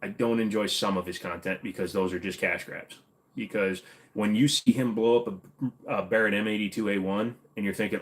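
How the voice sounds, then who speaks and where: Minnesotan male host, very low voice, blunt opinions, casual Q&A. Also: fairly even intonation, fairly quick. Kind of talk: casual livestream Q&A.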